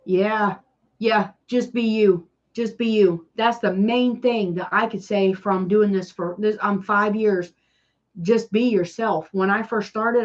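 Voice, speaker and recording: A Tennessee woman with a Southern country accent, hosting a DIY channel, chats casually with her live-stream viewers in a sarcastic, self-deprecating way. Her voice sits in the mid-range, and the recording sounds muffled.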